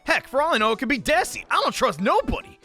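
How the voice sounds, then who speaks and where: Goofy, animated gaming YouTuber guy. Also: extremely high pitch, fast talker, faint music behind. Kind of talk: let's play commentary.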